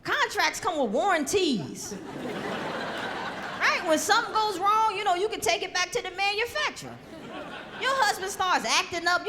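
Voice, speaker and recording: A woman doing a stand-up comedy set with a sassy, emphatic delivery. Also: extremely high pitch. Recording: live hall with crowd noise.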